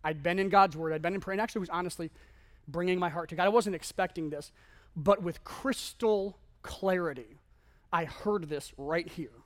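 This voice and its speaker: A man preaching a sermon as an animated, self-mocking storyteller who acts out the dialogue in his stories. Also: high-pitched, normal speed. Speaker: pastor.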